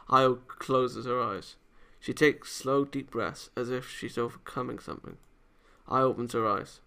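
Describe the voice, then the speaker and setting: A man's voice: medium pitch, measured pace, vocal fry, pushed and bright, smooth. A man reading a visual novel aloud for a let's-play, narrating plainly and voicing the hero casually.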